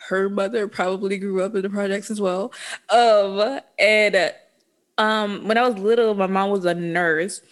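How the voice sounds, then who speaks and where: A woman's voice: medium pitch, fairly even intonation, normal speed. A woman, sounding a bit sniffly, talking candidly and casually with laughs and slang. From New Orleans, Louisiana. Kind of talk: casual chat.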